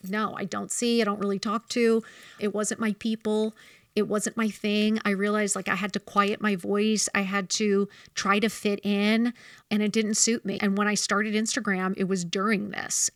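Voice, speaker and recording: Woman, 50s, podcast host; candid storyteller, blunt and foul-mouthed, mid pitch, dry close sound. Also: little pitch movement, moderate pace, no room sound. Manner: blunt, profane and heated in retelling.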